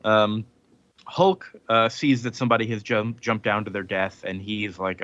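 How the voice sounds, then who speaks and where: A man's voice: fairly low pitch, moderate pace, a bit bright, muffled recording. A man hosting a podcast in casual chat, recapping a comic in a rambling way with many fillers and chuckles. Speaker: podcast host.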